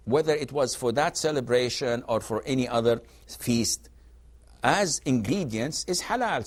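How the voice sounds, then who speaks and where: A man gives religious rulings to callers on a call-in television show. He speaks emphatically and often plays out quoted exchanges. His voice sits at an ordinary male pitch. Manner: lively, emphatic, acts out quoted dialogue. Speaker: religious scholar answering questions.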